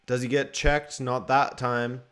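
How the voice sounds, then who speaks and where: A man's voice: mid-range voice, level tone, measured pace, a bit bright, clean tone. A man hosting a live football watchalong, giving casual, joking commentary and reading viewer comments aloud. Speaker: watchalong host.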